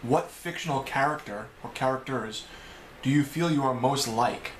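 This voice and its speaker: A man's voice: mid-range voice, normal speed, slight background noise. Rambling New York man in a roomy room. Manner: rambling, self-correcting, chatty. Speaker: video blogger. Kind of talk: casual vlog answering questions. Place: home room.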